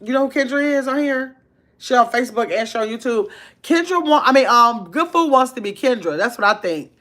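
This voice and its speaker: A woman's voice: fairly high pitch, animated, brisk, a bit bright. A woman from Wisconsin hosting a casual livestream, chatting loosely and greeting viewers by name as she reads their comments. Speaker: livestream host.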